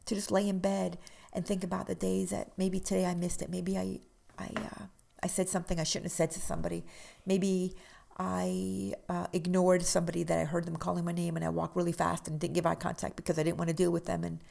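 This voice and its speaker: A woman who works as a death doula, speaking slowly and reflectively in a casual podcast conversation, sometimes sinking into soft whispers. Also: on the low side, little pitch movement, vocal fry.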